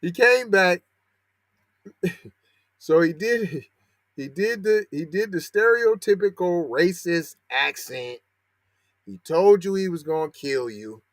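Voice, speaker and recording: Male podcast host, slangy sarcastic commentary, slow delivery, dead-dry mic. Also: high voice, expressive, no echo. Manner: sarcastic, rising to heated outrage; slangy, talks back to the article he reads. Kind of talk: commentary on a news story.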